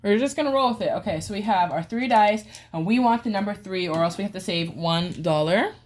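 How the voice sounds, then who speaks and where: A woman who hosts a budgeting channel talks a little fast in a mid-range voice with lively intonation. In her casual vlog, she chats through dice-roll savings games, letting out playful groans and cheers.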